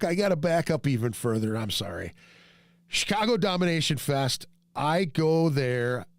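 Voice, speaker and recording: A man hosting a podcast who tells a rambling, profane, self-mocking story and jumps into high yelps when quoting himself. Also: no room sound. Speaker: podcast host. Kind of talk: casual storytelling monologue.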